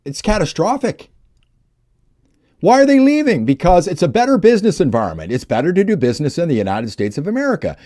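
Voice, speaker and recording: Fiery ranting man, animated pitch. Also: quick pace, hardly any pauses. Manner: heated, emphatic ranting. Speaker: political commentator. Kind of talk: opinion vlog commentary.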